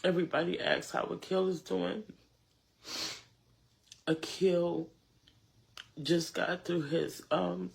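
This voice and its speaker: A mother giving an emotional public statement, tearful and exhausted, halting and repeating her words as she thanks people. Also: lowish voice, fairly even intonation, vocal fry. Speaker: mother of a shooting victim.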